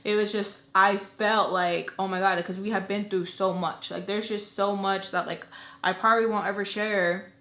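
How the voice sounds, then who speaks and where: A woman's voice: medium pitch, fairly even intonation, normal speed, pushed and bright. A young woman telling a long personal story in casual chat, emotional and full of "like" fillers. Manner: chatty, emotional, many "like" fillers. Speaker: storytime vlogger. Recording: roomy echo.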